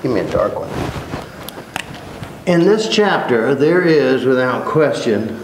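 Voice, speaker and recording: A man's voice: mid-range voice, lively intonation, slow. A man teaching a church Bible class, conversational and joking, repeating words for emphasis. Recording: roomy echo, faint background hiss.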